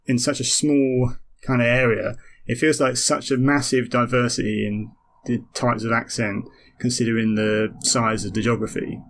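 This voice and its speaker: A man's voice: mid-range voice, level tone, normal speed, a bit bright. A British man, a comedian co-hosting a podcast, thinking aloud in a casual chat with many fillers. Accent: British English. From Britain.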